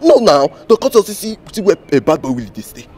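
A man's voice: on the high side, very animated, fast talker, darkish tone, a little hiss or hum. A man with a Nigerian accent playing a cocky young street star who protests indignantly in a comedy skit.

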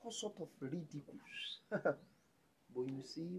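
A man with a Nigerian accent preaching a sermon as pastor, jumping between loud exclamations and hushed lines. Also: on the high side, animated, a little slow, a little hiss or hum.

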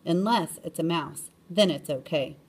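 A woman reading the part of a stern mother cat who sends her grown kittens away, in a flat, firm, matter-of-fact voice. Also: fairly low pitch, measured pace, breathy edge. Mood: playful. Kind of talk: storybook reading.

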